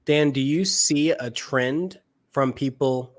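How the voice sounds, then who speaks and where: A man co-hosting a casual livestream, talking in a halting way with fillers. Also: mid-range voice.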